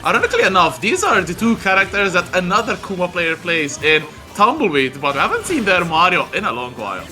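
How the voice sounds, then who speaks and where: A man's voice: sits high, big pitch swings, brisk, over music. A man co-commentating a fighting game match live, analytical and hesitant with lots of filler words.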